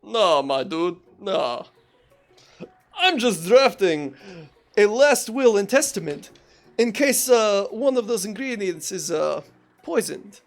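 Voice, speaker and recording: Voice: medium pitch, sing-song, slow pace, soft background music, pitched above the performer's own voice. A streamer voicing a sarcastic slacker classmate who mocks the others. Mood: snarky.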